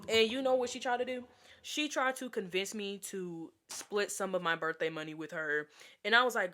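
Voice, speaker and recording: Bright-voiced young woman venting casually. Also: medium pitch, expressive, moderate pace. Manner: chatty, exasperated, heavy on "like" fillers. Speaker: vlogger. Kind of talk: casual storytime vlog.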